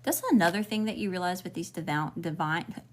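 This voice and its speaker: A woman's voice: mid-range voice, fairly even intonation, fast. Frank, profane woman with a Southern accent. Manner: frank and profane, chatty asides. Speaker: tarot reader. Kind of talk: casual spiritual reading.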